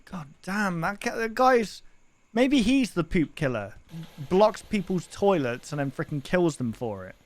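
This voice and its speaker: A man's voice: high-pitched, big pitch swings, a little slow, dry recording. A young man streaming a horror game, reacting with crude exclamations and frequent swearing. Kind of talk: let's-play commentary.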